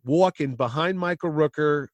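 A man's voice: a little high, moderate pace, no room sound. A man hosting a podcast, telling anecdotes in casual chat and acting out the voices of people he met. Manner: animated anecdote teller who acts out voices. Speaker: podcast host.

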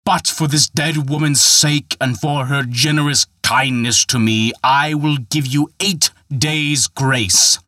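A man's voice: mid-range voice, steady tone, slow pace, few pauses, sharp tone, dry recording, clean studio sound, pitched above the performer's own voice. A man voicing an ancient, stern little forest spirit made of glass. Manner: stern, thundering.

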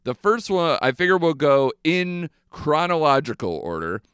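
A man's voice: on the high side, very animated, moderate pace, a bit bright, clean tone, no echo, clean studio sound. A young man hosting a movie podcast, chatting casually and animatedly with lots of fillers. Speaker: podcast host.

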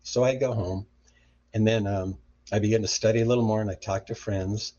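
Brief: middle-aged male guest, low husky voice, animated storyteller who acts out the quotes, slightly muffled audio. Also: fairly quick. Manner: animated retelling with acted-out quotes. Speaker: guest, deliverance minister. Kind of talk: storytelling interview.

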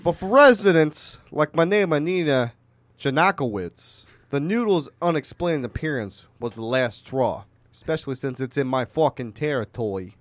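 A man's voice: a little high, animated, normal speed, no room sound, lightly acted. A man putting on an Italian-American mob boss accent to read a news story as a joke. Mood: mock-gangster swagger. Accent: put-on New Jersey Italian-American. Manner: gruff, profane, gestures with his hands. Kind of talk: comic impression reading a news story.

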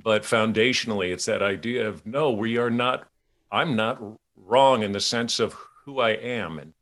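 A man's voice: fairly low pitch, normal speed, fairly bright tone. A man hosting a casual faith conversation, earnest and rambling, with frequent restarts and easy laughter.

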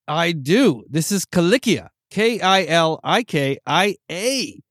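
Very animated but taking it slowly, this co-host speaks in a fairly bright voice on the high side. He tastes drinks during a casual podcast chat, rambling eagerly, restarting, and hiccuping, all in studio quality with no echo.

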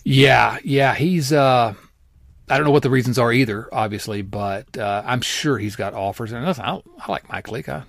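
A man's voice: medium pitch, normal speed, gravelly, dry recording, clean studio sound. A man co-hosting a casual sports podcast, rambling with fillers and teasing his partner. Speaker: podcast co-host.

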